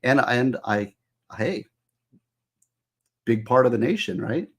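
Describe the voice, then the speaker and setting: Casting: man, husky-voiced livestream host, chatty and thinking aloud, mid pitch. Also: lively intonation, takes it slowly. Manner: musing aloud, asking chat for opinions. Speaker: author hosting a livestream. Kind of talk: casual livestream chat with viewers.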